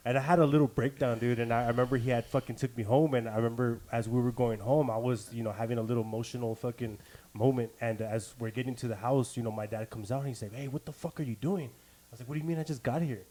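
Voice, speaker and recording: A man from El Paso telling a story in quick, rapid-fire casual chat. His voice is mid-pitched, and he swears and drops "dude" often. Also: steady tone, mellow. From El Paso, Texas. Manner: fast, swears, says dude a lot.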